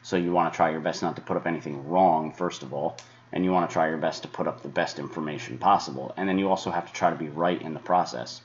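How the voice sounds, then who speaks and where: A very deep-voiced man rants furiously on his weather podcast, cursing freely and mockingly mimicking his critics. The recording sounds dull and lo-fi, as if the high end has been shaved off. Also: quick pace. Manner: angry, swearing, mocking imitations of critics. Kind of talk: profane ranting monologue.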